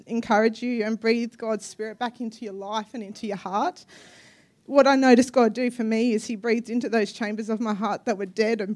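A woman in her thirties preaching a personal testimony sermon, earnest and emotional, with soft hesitations. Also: on the high side. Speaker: guest preacher.

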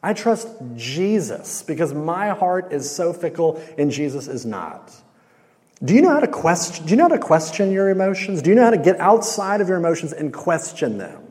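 A man in his thirties giving a relaxed, conversational sermon as a campus minister. He keeps asking the audience questions and uses lots of casual fillers. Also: a little high, moderate pace. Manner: conversational, with lots of "like" and "you know". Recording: long hall reverb.

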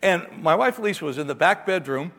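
A middle-aged man, a pastor, telling a lively personal story in a sermon and acting out the voices. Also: high voice, brisk, in a large hall. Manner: animated storyteller, acts out voices, ends in quiet prayer.

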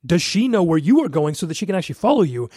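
A man's voice: high-pitched, big pitch swings, rapid-fire, dark tone, slightly rough, no room sound, clean studio sound. A man in his thirties hosting a solo podcast, giving blunt coaching advice straight to his listeners. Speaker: podcast host.

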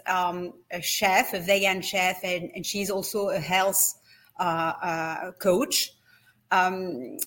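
A middle-aged woman with a French accent talks as a guest in an interview. She speaks in measured, halting phrases. Her voice sits at an ordinary middle pitch. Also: bright, forceful tone. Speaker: interview guest, company founder.

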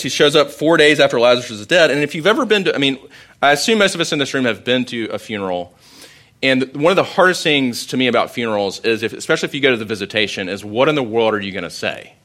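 A young adult man preaching a sermon to a congregation in a conversational, storytelling way with animated emphasis. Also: mid-range voice, fast talker. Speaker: pastor.

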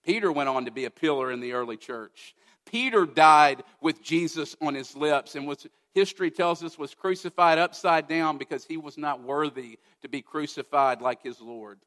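Male pastor, pitched a bit high, emphatic sermon delivery with rhetorical questions, long hall reverb. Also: normal speed. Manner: emphatic, rhetorical questions, swings from loud to hushed.

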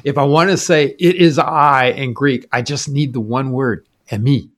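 A man's voice: mid-range voice, steady tone, moderate pace. A man co-hosting a Bible study podcast, reading a scripted explanation with emphatic turns at key points. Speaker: podcast co-host.

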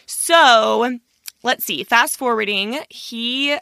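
A young adult woman guest, telling a personal story in an animated way and acting out the quotes. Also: fairly high pitch, drawn-out words, vocal fry, smooth, dry recording, studio quality. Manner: animated, acts out quoted thoughts and speech. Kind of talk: storytelling in a podcast interview.

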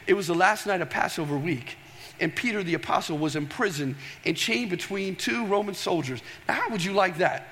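A man preaching a sermon, animated and storytelling, tossing questions to the congregation. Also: high voice, brisk. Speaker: pastor. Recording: long reverb of a large hall.

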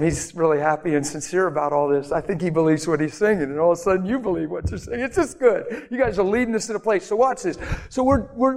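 Animated male preacher in a reverberant hall. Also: high voice. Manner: animated, acts out little scenes in different voices. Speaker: pastor. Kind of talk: sermon. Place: church hall.

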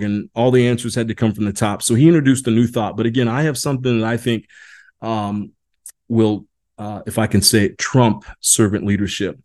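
A man in his forties from Indiana hosts a leadership podcast, delivering a casual, rambling monologue full of restarts and fillers and a folksy "y'all." His voice is mid-range with a darkish tone.

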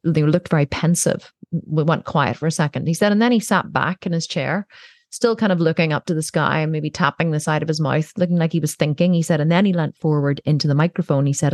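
Woman on a podcast, lowish voice, dry close sound, chatty and frank, swears a bit. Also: a little mellow, no room sound. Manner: candid storytelling, casual swearing. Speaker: podcast guest. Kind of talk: conversational podcast interview. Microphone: own podcast microphone.

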